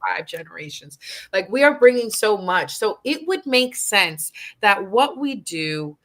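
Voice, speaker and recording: A woman who is a social worker, a podcast guest speaking in a reflective, soft-spoken way with lots of "like" and "right?". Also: medium pitch, big pitch swings, measured pace. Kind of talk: casual conversational interview.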